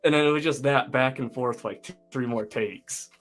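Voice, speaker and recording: A man's voice: medium pitch, normal speed, music in the background. A man co-hosting a casual online chat show, telling a long story with lots of fillers. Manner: rambling storyteller, many fillers. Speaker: podcast co-host.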